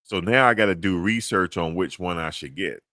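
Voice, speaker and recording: Laid-back deep-voiced man rambling. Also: moderate pace, bright, forceful tone, no room sound, studio quality. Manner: laid-back, rambling, chuckles at own jokes. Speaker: podcast host. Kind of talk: casual chat.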